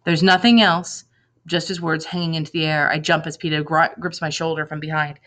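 A woman reading a novel aloud in lively first-person narration, acting out the dialogue. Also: low voice, fast, low-quality recording. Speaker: reader.

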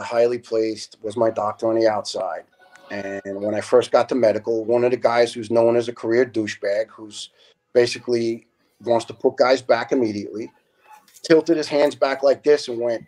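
A man in his fifties, a retired fire lieutenant, recounts his story as a podcast guest. He speaks bluntly and earnestly at an ordinary, middle pitch. He often breaks into animated impressions of the people he quotes. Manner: animated, acts out quoted dialogue. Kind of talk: emotional first-person storytelling on a podcast.

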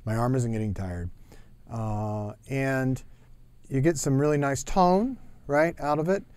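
Male drum instructor, easygoing and explanatory, mid-pitched, talking to camera from his studio. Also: measured pace, clean tone, dry recording. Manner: relaxed, explanatory, frequent fillers. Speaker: drum teacher.

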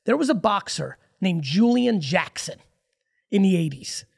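Gravelly-voiced man ranting emphatically. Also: sits high, animated. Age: 40s. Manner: emphatic, profane, rapid-fire storytelling. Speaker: podcast guest. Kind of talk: casual podcast conversation.

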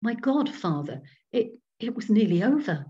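A woman's voice: mid-range voice, very animated, moderate pace, warm tone, close to an everyday voice. A woman voicing an earnest, shaken Englishman who speaks urgently, heard over a dull video call. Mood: appalled. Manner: urgent, appalled.

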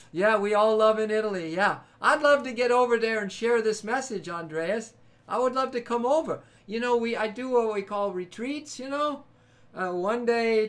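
A man hosting a late-night livestream, chatting loosely and warmly with viewers and calling them brother and man. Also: sits high. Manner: upbeat, rambling, calls people brother and man. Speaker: livestream host. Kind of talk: casual chat with live viewers.

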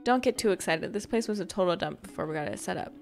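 A woman reading a brisk, teasing villager who shows a newcomer around in a cozy game. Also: fairly low pitch, expressive, vocal fry, soft background music.

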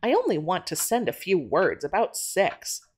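A woman's voice: fairly low pitch, wildly swooping pitch, normal speed, slight background noise. Woman doing a huffy, haughty woman customer. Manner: curt, huffy, incredulous. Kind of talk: audio drama reading.

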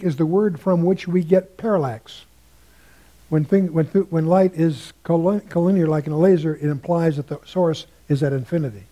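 An older man leads a Bible study lecture, wandering into asides. His voice sits a bit high but sounds mellow and warm. He lifts his tone when he quotes scripture. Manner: musing, digressive, quotes scripture in a lifted voice. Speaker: Bible teacher.

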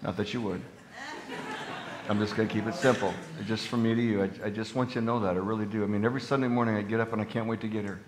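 A man's voice: fairly low pitch, quick pace, a little hiss or hum. Earnest male pastor in an echoey church. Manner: earnest, conversational, with animated rising emphasis. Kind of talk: sermon. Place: church sanctuary.

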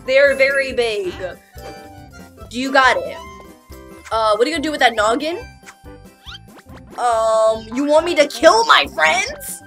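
A woman hosting a casual reaction video, animated and exclamatory, laughing often. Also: high-pitched.

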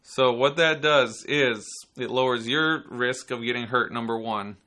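A man hosting a podcast and giving casual self-defense instruction, relaxed and chatty, sometimes acting out angry people. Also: medium pitch, a little slow. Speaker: podcast host and martial arts instructor.

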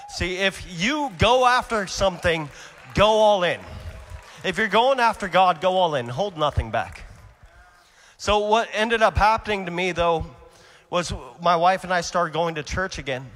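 A young adult man preaching his testimony at a conference, earnest and animated, swinging between loud and hushed delivery. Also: sits high, moderate pace. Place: large conference hall. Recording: long hall reverb.

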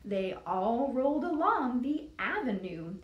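A woman's voice: a little high, very animated, measured pace, dull audio. A woman librarian reading a picture book aloud to young children in a sing-song storytime style, putting on voices. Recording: echoey room, distant mic.

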